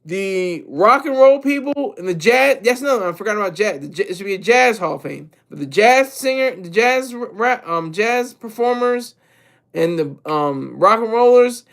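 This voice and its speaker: Man, high voice, live stream commentary, rambling, repeats himself, reacts to chat. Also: expressive, moderate pace, creaky, fairly bright tone.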